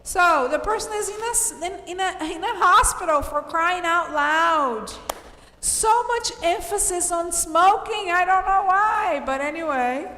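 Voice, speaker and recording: A woman's voice: very high voice, a little slow, sharp tone, a little hiss or hum. A woman teaching an English grammar lesson, emphatic and checking in with "okay?" as she explains. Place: classroom. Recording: echoey roomy sound with faint ambience.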